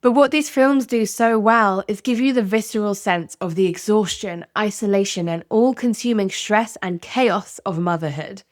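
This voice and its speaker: A woman's voice: mid-range voice, normal speed, hardly any pauses, no room sound, studio quality. A woman hosting a podcast, narrating in a candid, conversational way. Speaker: podcast host. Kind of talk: scripted narration.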